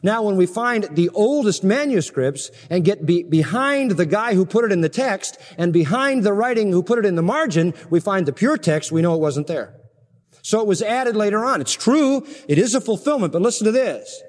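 A man with a high, expressive voice preaches an expository sermon at a moderate pace. He is emphatic, letting his voice rise and fall to stress his points, and the recording has the reverberation of a large hall.

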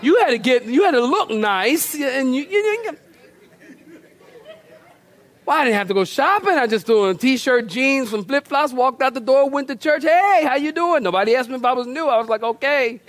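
A middle-aged male pastor preaching a storytelling sermon, animated and colloquial, with laughing asides and repeated words. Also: extremely high pitch, normal speed. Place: church.

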